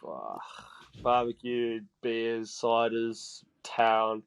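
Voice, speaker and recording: A man in his twenties from England with a Geordie accent, a podcast guest telling animated stories and laughing often. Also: mid-range voice, very slow, creaky, smooth. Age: 20s. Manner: animated, laughing, acts out quoted voices. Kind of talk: casual storytelling chat.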